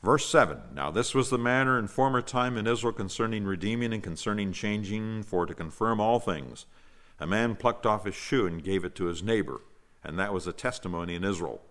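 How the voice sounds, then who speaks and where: A man's voice: on the low side, animated, a little fast, a bit bright. A man preaching an expository Bible lesson, reading scripture aloud and breaking into emphatic, conversational asides. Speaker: Bible teacher.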